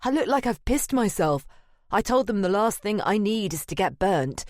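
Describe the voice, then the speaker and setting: A woman narrating an audiobook, voicing a joking, easygoing man who works at a gallery, raised in pitch. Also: big pitch swings, moderate pace, no echo, clean studio sound. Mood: jokey. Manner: jokey and breezy. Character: joking, easygoing British male gallery partner.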